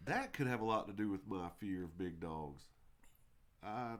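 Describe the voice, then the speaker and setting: Low-voiced dude cohosting a stream, chill, dry jokes. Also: male voice, moderate pace. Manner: relaxed, dry joking asides. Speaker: livestream co-host. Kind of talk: casual live Q&A chat.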